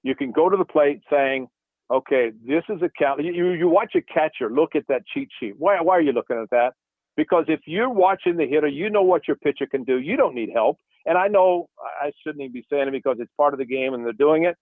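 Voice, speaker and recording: Excitable former catcher on radio. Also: male voice, on the high side, quick pace, dry recording. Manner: animated storyteller, acts out dialogue. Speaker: baseball broadcaster, former catcher. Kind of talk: casual sports radio chat. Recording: dry phone-like radio line.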